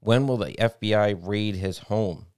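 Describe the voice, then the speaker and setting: A man's voice: on the low side, unhurried, a little mellow, smooth, dry recording, studio quality. A man co-hosting a casual political podcast, blunt and profane, who reads news headlines aloud. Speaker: podcast co-host.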